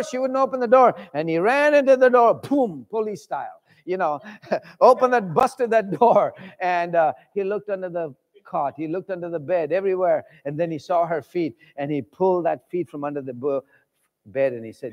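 A man preaching a sermon, preaching with force and shouting at his high points. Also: normal speed. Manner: shouts and swings his pitch widely for emphasis. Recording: long hall reverb.

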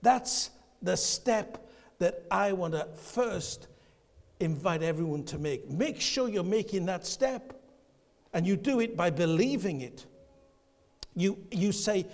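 A man preaching a passionate sermon, shifting between quiet, intimate passages and shouted declarations. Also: high-pitched, animated, a little slow. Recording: long hall reverb.

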